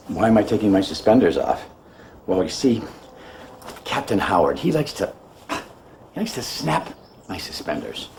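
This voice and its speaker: A man's voice: fairly low pitch, darkish tone, a little hiss or hum. Give me a man hosting a children's show, chatting playfully to the viewers. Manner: friendly, playful, talks to camera. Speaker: show host, harbour master.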